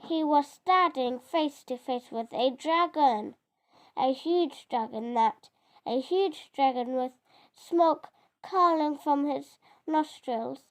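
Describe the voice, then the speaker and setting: A child reading a picture book aloud, halting and often stumbling over words and correcting itself. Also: sits high. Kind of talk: storybook reading.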